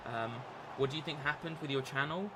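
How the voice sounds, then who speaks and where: A man's voice: fairly high pitch, a little fast, noisy background. A young man chatting casually on a live stream while gaming, rambling with lots of fillers and restarts. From England.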